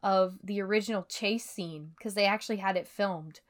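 A woman's voice: medium pitch, normal speed. A woman co-hosting a casual podcast, talking in a chatty, analytical way and laughing easily. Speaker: podcast co-host. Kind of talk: casual chat.

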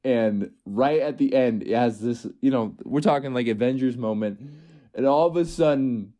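A man's voice: mid-range voice, normal speed, warm tone. A man in casual podcast chat, telling a goofy story in a laid-back, slangy way with lots of laughing. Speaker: podcast co-host.

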